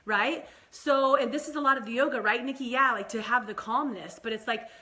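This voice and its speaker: Her pitch a touch high and her tone pushed and bright, a young woman who's a mom chats casually to camera as a vlog host. Fillers like "like" and "right?" pile up, and her pace moves back and forth between quick and slow.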